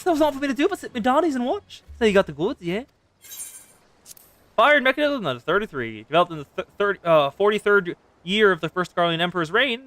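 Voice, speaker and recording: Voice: medium pitch, fairly bright tone, dry recording. A streamer voicing a sly, cheery male rogue guildmaster with an Irish accent who calls people lass.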